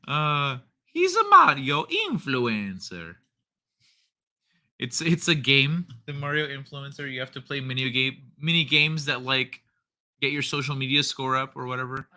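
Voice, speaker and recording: A man's voice: mid-range voice, level tone, moderate pace, bright, forceful tone. A young man hosting a casual late-night stream, joking around with loose slang and frequent laughter. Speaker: host.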